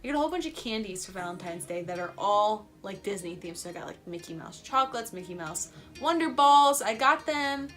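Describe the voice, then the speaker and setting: A young woman telling a story in a casual vlog, chatty and excitable, saying "like" often. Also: medium pitch, brisk, faint music behind. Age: young adult. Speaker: vlogger.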